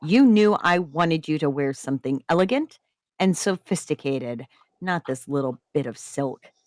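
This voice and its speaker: A woman's voice: low voice, animated, moderate pace, a little mellow, no room sound, clean studio sound. Woman reading as a haughty vampire mother. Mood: scolding. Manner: scolding, through clenched teeth. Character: haughty vampire mother, controlling, image-obsessed. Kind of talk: dramatic reading of a story.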